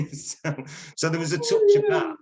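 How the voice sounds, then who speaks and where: An older man from Manchester with a Manchester accent, telling stories in an interview, chatty and quick to laugh. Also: very high-pitched, rough recording. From Manchester, England. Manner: chatty storyteller, laughs often, acts out quoted people. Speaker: broadcaster guest. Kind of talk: conversational interview anecdotes.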